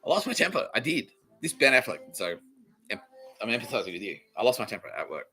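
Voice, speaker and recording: A man's voice: mid-range voice, fast, faint music behind, poor audio. An Australian man hosting a comedy podcast, telling rambling stories full of swearing and laughter. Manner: profane, laughing, animated rants. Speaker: podcast host.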